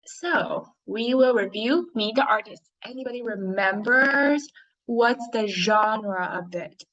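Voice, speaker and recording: A woman with a Chinese accent teaches an English lesson at a slow, careful pace in a fairly high voice. She keeps putting questions to her pupils. The audio is dull and lo-fi. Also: fairly bright tone. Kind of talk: online class lesson.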